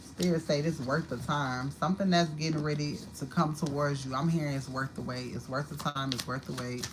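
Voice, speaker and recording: A woman's voice: sits low, fairly even intonation, a little fast, noisy background. A woman giving a live-streamed tarot card reading at home, talking in a blunt, profane and repetitive way. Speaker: tarot reader. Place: home apartment.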